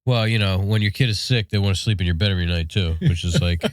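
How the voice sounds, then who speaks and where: A man's voice: low-pitched, fast, no echo, studio quality. A man in his thirties with a stuffy, nasal voice from a cold, chatting easily as a podcast co-host. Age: 30s. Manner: easygoing, rambling with fillers. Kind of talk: casual chat and read sponsor ads.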